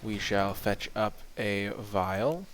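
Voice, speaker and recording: A man's voice: on the low side, slow pace, a bit bright, slight background noise. A man giving live commentary on a card game he is playing. He chats to the game and his opponent, and he breaks into melodramatic outbursts when his luck turns. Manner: chatty, talks to the game and opponent. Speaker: card game video creator.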